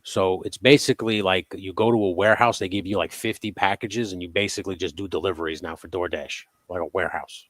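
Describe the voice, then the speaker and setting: A low-pitched man chats casually as a host, spinning animated, profanity-laced stories. His voice sits close to the mic with a dry, dead sound. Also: fast talker, few pauses, dry recording. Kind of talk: casual chat. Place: home workshop.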